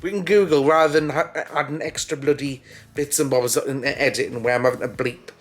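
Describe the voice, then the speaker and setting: A man's voice: medium pitch, steady tone, brisk. Chatty, insistent man vlogging. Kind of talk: casual chat.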